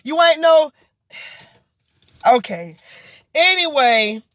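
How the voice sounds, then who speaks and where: A woman vlogger recapping a reality show in blunt, profane, animated gossip commentary. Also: sits high, drawn-out words, dry recording, studio quality. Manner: animated, mocking and exasperated.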